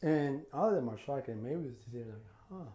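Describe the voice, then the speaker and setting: A man with a medium-pitched voice casually retells an imagined crossover story as a YouTuber, speaking briskly and animatedly with a crowd in the background. His fan-fiction storytelling rambles, full of fillers and restarts.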